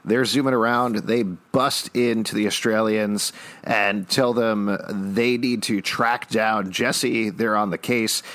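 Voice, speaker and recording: Low-voiced man recapping a show. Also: fairly even intonation, takes it slowly, a bit bright. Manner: wry, summarizing plot at length. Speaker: podcast co-host recapping a TV episode. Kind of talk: casual chat.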